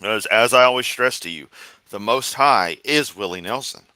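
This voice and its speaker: A man streaming sarcastic comedic commentary while reacting to a video, mocking in a deadpan way. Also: lowish voice, moderate pace, no echo.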